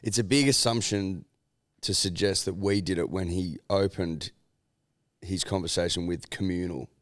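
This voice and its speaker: Deep-voiced man, dry. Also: normal speed. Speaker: podcast co-host. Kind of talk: casual comedic chat.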